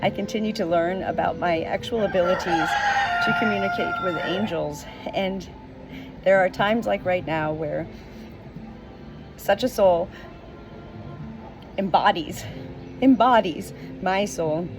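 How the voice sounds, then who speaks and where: A middle-aged woman speaking as a spiritual medium, slow and emotional, often repeating words, tearful at times. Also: lowish voice, soft background music. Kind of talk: channeled message video. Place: outdoors with roosters nearby. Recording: roosters and outdoor noise behind.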